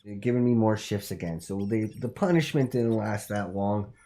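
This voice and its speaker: A man hosting a comedic call-in talk show, rambling in deadpan, absurd bluster and dropping into muttered asides. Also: on the low side, normal speed. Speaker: host.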